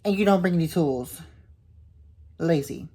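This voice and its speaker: A woman's voice: low-pitched, a little slow, mellow, husky. A young woman chatting casually on her reading vlog, indignant and swearing, often repeating herself. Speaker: book vlogger.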